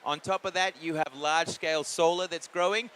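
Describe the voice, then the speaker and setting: A man's voice: on the high side, fairly even intonation, brisk, a bit bright, a little hiss or hum. A man giving an upbeat conference presentation on a report, with jokey asides. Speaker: industry group representative presenting a report. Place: conference venue.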